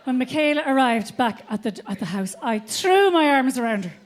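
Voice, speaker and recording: An Irish woman performs a live stand-up routine on a theatre stage, brash and profane, telling stories with lots of animation. Her voice is high with lively intonation, delivered at normal speed.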